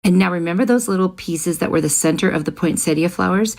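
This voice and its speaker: A woman's voice: fairly low pitch, quick pace, a little mellow. A middle-aged woman hosting a craft channel, explaining each step of a project in a friendly voice-over.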